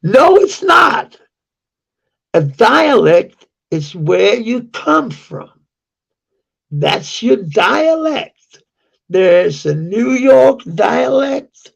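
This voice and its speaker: A man's voice: high-pitched, very animated, very slow, creaky. A man with a Danish accent ranting heatedly to camera, swearing and repeating himself. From Denmark. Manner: heated, profane, repetitive ranting. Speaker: vlogger. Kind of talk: angry rant to camera.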